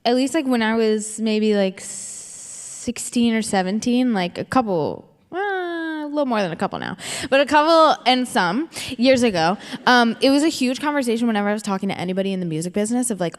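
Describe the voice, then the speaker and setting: A woman's voice: on the high side, lively intonation, brisk. Rambling young woman in a reverberant hall. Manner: rambling, heavy with filler words. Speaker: singer and actress guest. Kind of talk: onstage conversation. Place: live event stage.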